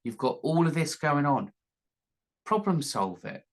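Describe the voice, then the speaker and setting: A man's voice: a little high, very animated, measured pace, gravelly, pauses often. A man talking through mental health tips in an informal teaching style, acting out his own inner self-talk as examples.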